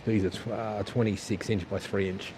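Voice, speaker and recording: A man's voice: on the low side, flat delivery, normal speed. A man with an Australian accent from the east of the country, chatting casually on a live stream while riding a coastal path, rambling and blunt with casual swearing. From eastern Australia. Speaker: vlogger. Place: outdoors on a coastal bike path. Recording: outdoor wind and traffic noise.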